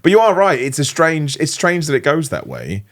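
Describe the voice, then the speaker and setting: An English man whose accent has picked up some American and Australian, chatting in a studio interview. His pitch swings widely as he talks, and his voice carries with an animated, laughing energy. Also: normal speed. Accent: English, mixed with some American and Australian. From England. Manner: laughs often, animated and enthusiastic; voice carries, speaks from the diaphragm. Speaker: guest, wrestler and YouTuber. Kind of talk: casual interview chat.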